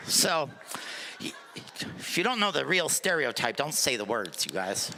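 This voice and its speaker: A man's voice: a little high, very animated, normal speed, gravelly, sharp tone, a little hiss or hum. A man doing a stand-up comedy set on a club stage, joking loosely and bantering with the crowd. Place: comedy club stage before a live audience.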